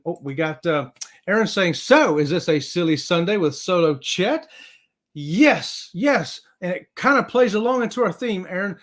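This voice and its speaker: An energetic man chats casually on a livestream. His voice sits high for a man, and he keeps things upbeat and friendly as he hypes up his viewers. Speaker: livestream host.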